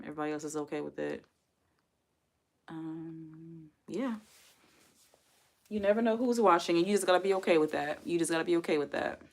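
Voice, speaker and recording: A woman's voice: low voice, creaky. Chatty woman on a livestream. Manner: chatty, rambling, reads comments aloud. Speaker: livestream host. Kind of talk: casual live-stream chat.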